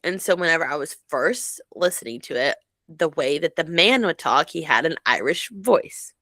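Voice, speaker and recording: A woman's voice: deep voice, lively intonation, normal speed, sharp tone, no echo. A woman co-hosting a podcast, telling a story in casual chat with bursts of laughter. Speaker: podcast co-host.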